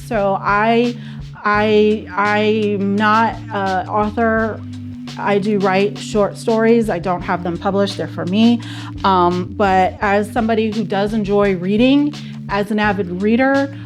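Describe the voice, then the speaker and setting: A woman giving a casual, candid spoken book review, chatty and prone to repeating herself. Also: medium pitch.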